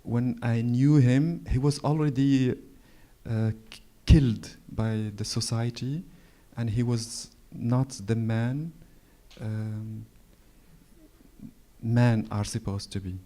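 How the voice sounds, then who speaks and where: Man with a moroccan french accent, hesitant and halting, slow-paced, mellow voice, reading his own writing aloud. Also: mid-range voice, fairly even intonation. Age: 40s. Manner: hesitant, halting, frequent fillers. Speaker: author. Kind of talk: reading his own prose at a public event. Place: public library event hall.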